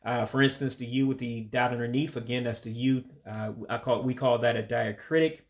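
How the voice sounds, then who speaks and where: A man who speaks English as his first language gives a casual vocabulary lesson, repeating each word slowly and pronouncing it carefully. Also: medium pitch, steady tone, vocal fry. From United States. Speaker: language learner teaching vocabulary.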